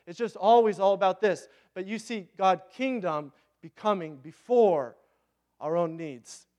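A high-pitched pastor in his thirties, with a Pacific Northwest American accent, gives a conversational sermon and poses questions to the congregation.

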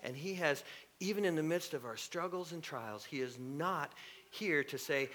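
A middle-aged man preaching a sermon, animated and shifting into mocking voices with sudden loud bursts. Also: fairly high pitch, moderate pace, a little hiss or hum. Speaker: pastor.

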